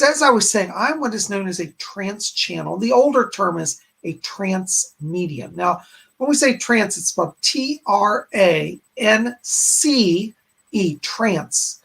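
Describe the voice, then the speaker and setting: A man hosts a casual live stream, chatting and rambling as he greets viewers by name. His voice has a gravelly, creaky edge with a husky, slightly breathy grain. He talks loosely and warmly to the people watching. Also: high-pitched. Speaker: psychic medium hosting a live stream.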